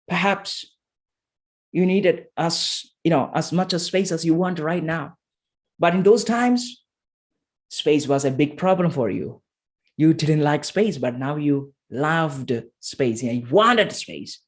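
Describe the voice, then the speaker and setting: Emphatic man giving a motivational talk. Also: fairly high pitch. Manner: repetitive, emphatic, slows to soft guiding tones. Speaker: motivational speaker. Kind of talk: motivational talk with a guided exercise.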